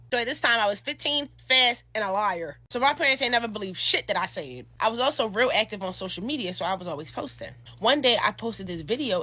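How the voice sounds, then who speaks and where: A young woman telling a story in a casual, animated, profane and slangy way, acting out the scenes. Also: on the high side, dry recording.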